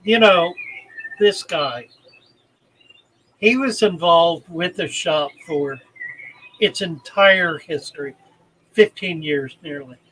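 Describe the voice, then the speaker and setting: An older man hosting his channel, retelling personal anecdotes in a deliberate, emphatic way with heartfelt pauses. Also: a little high, fairly bright tone, slight background noise, poor audio. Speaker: channel host. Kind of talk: storytelling anecdote.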